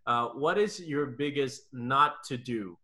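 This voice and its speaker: A man's voice: medium pitch, slow, pushed and bright. A man hosting a podcast in casual chat, friendly and easygoing with hesitant fillers. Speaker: host.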